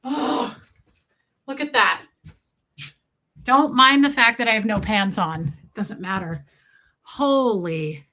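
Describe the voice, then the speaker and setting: A woman in her thirties chatting casually as a vlogger, self-mocking and prone to loud dramatic outbursts. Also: mid-range voice, takes it slowly, long pauses. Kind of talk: casual chat.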